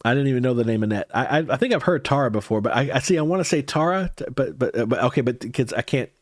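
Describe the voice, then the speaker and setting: A man's voice: mid-range voice, lively intonation, fast, dry recording. A man with a head cold, tired and congested, hosting a music reaction livestream and answering viewer comments in casual chat.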